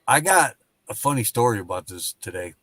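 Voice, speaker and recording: Casting note: everyday male voice, mid pitch, folksy storyteller in casual chat. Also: very animated, brisk, bright, forceful tone, no room sound. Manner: folksy storyteller, acts out dialogue.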